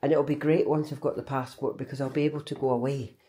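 A woman's voice: very deep voice, fairly even intonation, fast, warm tone, husky. A Scottish woman talking casually to her vlog camera, chatty and rambling, often restarting and correcting herself. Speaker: vlogger.

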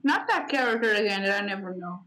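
A woman's voice: medium pitch, animated, fast, noisy background. A young woman drawing for a guessing game, teasing and laughing along. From outside the United States. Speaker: drawing player. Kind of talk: casual game chat.

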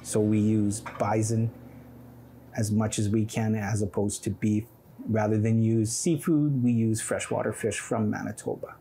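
Male Canadian chef, low, warm voice, plainspoken interview. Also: little pitch movement, a little slow, faint music behind.

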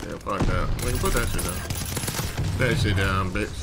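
A man giving profane, excitable commentary over his own gameplay, often breaking into yells. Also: low voice, normal speed. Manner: profane, excitable, swings to yelling. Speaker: gaming streamer. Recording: game gunfire noise behind.

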